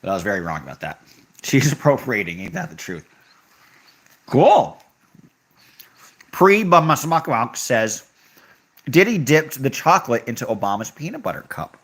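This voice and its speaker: A man's voice: mid-range voice, very animated, normal speed, long pauses, a bit bright. Young guy livestreaming, sarcastic and offhand, voice bouncing all over. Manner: offhand, sarcastic, reacts to chat comments. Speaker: livestream host reading chat. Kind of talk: casual livestream chat.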